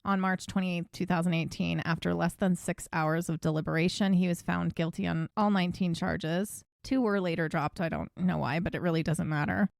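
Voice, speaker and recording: Woman podcast host, lower voice with fry, blunt profane storyteller. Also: steady tone, fairly quick, few pauses, darkish tone, no echo, clean studio sound. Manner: blunt and profane, recounting case details. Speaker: true crime podcast host. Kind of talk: casual storytelling chat.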